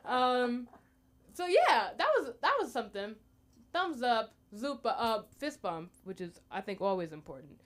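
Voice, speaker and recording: A woman's voice: on the high side, big pitch swings, measured pace. A young American woman doing rambling stand-up at an open mic, chatty and full of fillers. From United States. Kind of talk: stand-up comedy.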